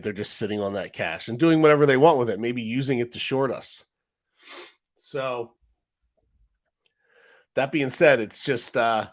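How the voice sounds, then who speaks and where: Frustrated man ranting on a livestream. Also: mid-range voice. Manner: frustrated, rambling, talks to chat directly. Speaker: live stream host. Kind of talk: casual livestream chat.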